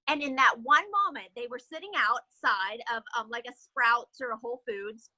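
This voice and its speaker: A woman sales director telling a motivational story in an animated way, with fillers, on a video call. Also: a little high, normal speed, few pauses, no room sound, low-quality recording.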